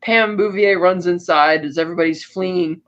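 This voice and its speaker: A high-pitched man tells a film's story like he's chatting with a friend. He breaks into short character voices along the way. The recording sounds a bit dull and lo-fi. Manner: animated storytelling with quick voiced asides. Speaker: podcast co-host. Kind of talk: casual film recap.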